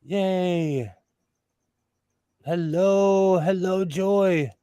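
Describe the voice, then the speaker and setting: Male livestream host, casual and chatty, fairly high voice, dry sound, quick to laugh. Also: clear, resonant tone, no room sound. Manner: chatty, laughs often, greets viewers warmly.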